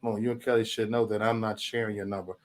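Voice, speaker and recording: A man's voice: fairly low pitch, little pitch movement, fast, a little mellow. A man hosting a casual livestream chat, rambling loosely, swearing, often saying "man" and chuckling between remarks. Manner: loose rambling talk, profanity, frequent "man". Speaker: livestream host.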